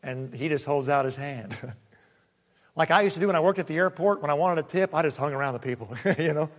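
A man's voice: on the high side, brisk, long reverb tail. A male pastor preaching a sermon in a conversational way, telling stories and chuckling, then pressing his points with more force. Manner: swings from soft asides to raised emphatic points.

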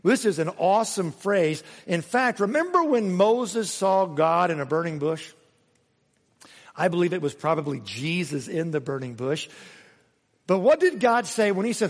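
Earnest high-voiced man preaching, echoing hall. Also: very animated, normal speed. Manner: earnest, rising to emphatic repetition. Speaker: pastor. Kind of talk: sermon.

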